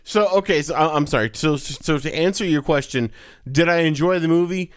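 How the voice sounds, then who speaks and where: A man's voice: a little high, a little fast, clear, resonant tone. Talkative man giving movie opinions. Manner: chatty, repeats words as he thinks. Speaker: podcast co-host. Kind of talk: casual movie chat.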